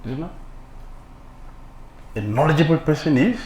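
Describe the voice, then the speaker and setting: In an echoey hall with faint ambience and crowd noise, a man delivering a scripture sermon as a swami laughs as he mocks envy and fires off rhetorical questions. His voice is a little high and expressive, at normal speed.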